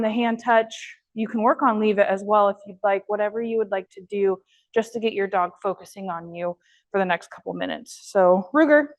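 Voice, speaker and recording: A woman dog trainer leading an online class, explaining steps and praising her dog in a high, happy voice between instructions.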